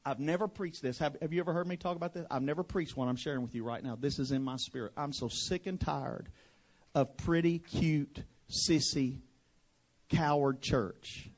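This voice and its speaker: A pastor from West Monroe, Louisiana, with a Southern accent, preaching a fiery sermon to a congregation. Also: male voice, fairly high pitch, steady tone, moderate pace, muffled recording. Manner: fiery preaching, swinging from hushed to shouted.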